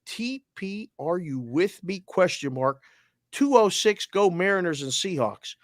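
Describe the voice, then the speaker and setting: This man speaks in a Boston accent with a fairly high voice. He hosts a casual sports talk show and fires off energetic listener shout-outs. The sound is dry and close. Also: a little slow, no echo. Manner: energetic, shout-outs with area codes and towns. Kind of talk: roll call of listeners, casual.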